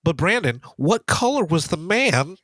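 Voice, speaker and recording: A man co-hosting a podcast, chiming in with short reactions and quick, swearing questions in casual chat. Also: on the high side, sing-song, fairly bright tone, dry recording. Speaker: podcast co-host.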